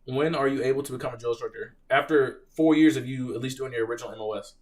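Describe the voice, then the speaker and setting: Young male streamer, mid-range voice, off-mic a bit; casual, animated, swears freely. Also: medium pitch, quick pace, recorded from a distance. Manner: reads viewer questions, animated profane storytelling. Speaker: live stream host, Marine veteran. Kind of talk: casual live Q&A.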